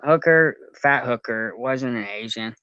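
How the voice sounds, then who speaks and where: A man casually telling a long rambling story, halting and laughing as he goes. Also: mid-range voice, dull audio, crowd noise.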